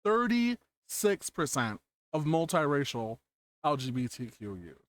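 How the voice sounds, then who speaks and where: A man's voice: on the high side, very animated, a little slow, a bit bright. A man hosting an interview chat, earnest and emphatic, repeating key words for weight. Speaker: host.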